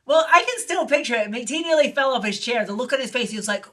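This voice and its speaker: A woman filmmaker telling an anecdote in an interview, animated and acting out the voices of the people she quotes. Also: fast, few pauses. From lived in Barcelona. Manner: animated, acts out quoted voices with big pitch jumps. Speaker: guest filmmaker. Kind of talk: storytelling in an interview.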